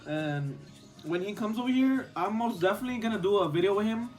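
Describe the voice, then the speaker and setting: A man's voice: high voice, lively intonation, fast talker, soft background music. A young man telling a storytime vlog story in casual chat, rambling with lots of fillers and a few Spanish words. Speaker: vlogger.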